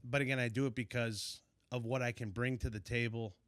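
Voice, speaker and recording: Man, young to middle-aged fishing guide; storytelling podcast guest, lively, bright and dry. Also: mid-range voice, a little fast, smooth, dry recording. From Illinois. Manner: animated, acts out shouted quotes. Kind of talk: casual storytelling.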